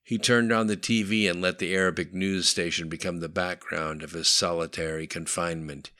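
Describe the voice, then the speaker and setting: A man narrating a novel audiobook in a steady, matter-of-fact way. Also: sits low, a little fast.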